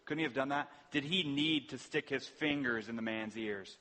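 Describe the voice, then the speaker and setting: A man's voice: medium pitch, moderate pace, pushed and bright, slight background noise. Earnest male pastor in a reverberant hall. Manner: earnest, repeats words at restarts, asks rhetorical questions. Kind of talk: sermon. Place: church sanctuary.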